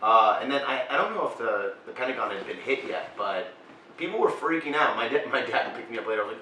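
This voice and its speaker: Man, rapid talker, bright voice, jokey, echoey room, faint background noise. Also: medium pitch, recorded from a distance. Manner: excitable, jokey, acts out quotes. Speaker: podcast co-host. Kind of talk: casual comedy chat.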